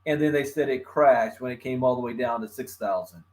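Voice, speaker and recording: A man's voice: medium pitch, a little fast, darkish tone. A man from Los Angeles hosting a casual live stream about crypto. His mouth is numb from the dentist, so he talks with a slight lisp, and he greets viewers by name and chuckles often. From Los Angeles, California.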